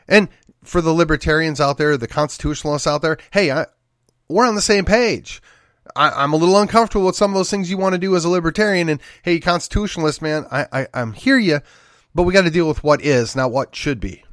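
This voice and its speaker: A man's voice: on the high side, fairly bright tone, no room sound, clean studio sound. Emphatic man with rhetorical questions. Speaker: podcast host. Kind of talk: political commentary monologue.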